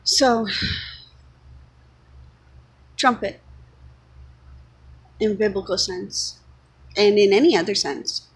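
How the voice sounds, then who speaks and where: A woman's voice: medium pitch, slow pace, pauses often, slightly rough, poor audio. A woman giving an earnest, unscripted spiritual monologue, speaking her thoughts as they come to her. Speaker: vlogger sharing spiritual reflections.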